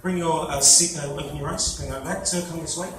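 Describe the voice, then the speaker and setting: Echoey stage hypnotist, distant and noisy. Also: male voice, on the high side, steady tone, fairly quick. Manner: repetitive, coaxing commands, playful. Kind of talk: live hypnosis show patter. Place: fair stage before an audience.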